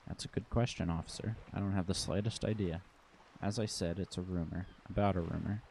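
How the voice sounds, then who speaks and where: A man reading the lines of a composed, guarded woman who acts as liaison for hired mercenaries, in a calm, measured way. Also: sits low, gravelly, slight background noise.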